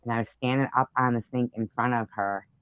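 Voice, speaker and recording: A man's voice: medium pitch, steady tone, fast talker, smooth, no room sound, narrow, tinny audio. A man hosting a live stream, rambling through a story in casual chat with lots of fillers and the odd swear word.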